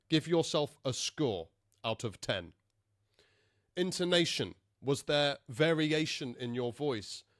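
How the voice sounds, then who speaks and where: Calm man coaching speaking skills, dry mic. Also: medium pitch, no room sound. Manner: calm, deliberate, with clear emphasis on key words. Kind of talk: direct-to-camera teaching.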